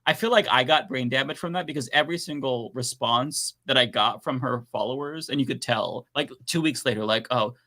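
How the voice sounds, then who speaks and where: A man's voice: mid-range voice, brisk, hardly any pauses, pushed and bright. A man co-hosting a casual online panel show, talking in a rambling, profane way with frequent laughs. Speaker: podcast co-host. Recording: remote stream call.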